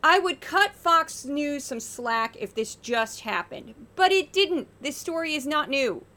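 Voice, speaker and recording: A woman's voice: high-pitched, lively intonation, measured pace, sharp tone. A woman hosting a podcast, giving sarcastic, exasperated political media commentary. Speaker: podcast host.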